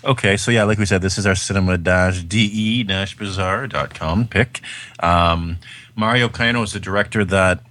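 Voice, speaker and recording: A man's voice: low-pitched, fairly even intonation, moderate pace, pushed and bright. A man co-hosting a casual film chat podcast, laid-back and easygoing in his talk. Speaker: podcast co-host.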